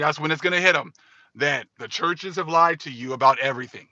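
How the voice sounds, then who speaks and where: A man's voice: fairly high pitch, quick pace, bright, forceful tone, no echo, dull audio. A man hosting religious commentary, speaking emphatically and repeating his points. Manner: emphatic, repetitive. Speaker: host.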